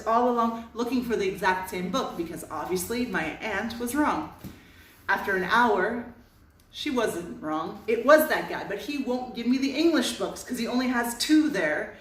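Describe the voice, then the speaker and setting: A woman in her thirties from Canada telling a comic personal story, animated and self-mocking, with dramatic pauses. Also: on the high side. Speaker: vlogger. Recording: roomy sound from a distance.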